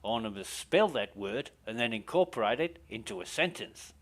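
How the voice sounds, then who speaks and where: A man putting on a loud, cheery Australian radio host. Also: animated, normal speed. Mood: chirpy. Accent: put-on Australian. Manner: loud, high, sing-song presenter patter.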